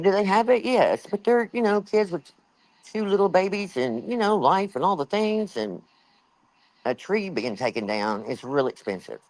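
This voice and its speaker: A woman's voice: extremely low pitch, no room sound, low-quality recording. Older woman hosting a livestream, chatty and rambling, bit breathless, dry close sound. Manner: rambling, chatty, lots of fillers. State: a little out of breath. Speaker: livestream host. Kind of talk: casual storytelling to a live chat.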